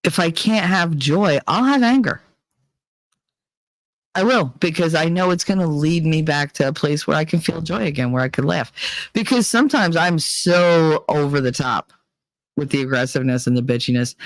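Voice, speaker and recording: A man's voice: a little high, lively intonation, normal speed, no room sound. A man hosting a casual livestream, talking bluntly and with frequent swearing as he reads the chat. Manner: blunt, profane, emotionally candid. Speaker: livestream host reading chat.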